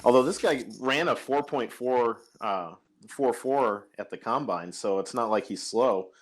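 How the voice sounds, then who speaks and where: A man's voice: mid-range voice, a little slow, slight background noise. A man co-hosting a casual sports podcast, eagerly breaking down new players. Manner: enthusiastic fan analysis. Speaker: podcast co-host.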